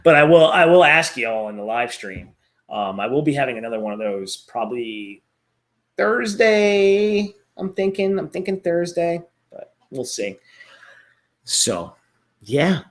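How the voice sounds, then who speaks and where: A man's voice: mid-range voice, normal speed, fairly bright tone. A man chatting casually about a favorite cartoon, rambling, laughing often and swearing freely. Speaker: vlogger reviewing a cartoon series. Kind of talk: casual chat.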